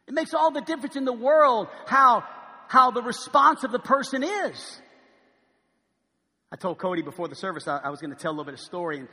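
A middle-aged male pastor preaching a sermon in a conversational style, dropping to quiet asides and then rising to loud, emphatic pleading, often asking the congregation "amen?". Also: fairly high pitch, very animated, a little fast, pauses often, big-room sound.

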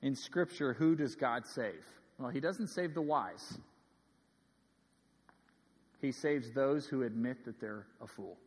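A man in his thirties preaching a sermon, telling stories earnestly and swinging from ringing emphasis to hushed asides, in a large church sanctuary. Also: medium pitch, slow pace, pauses often, husky. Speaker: pastor. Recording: long reverb of a large hall.

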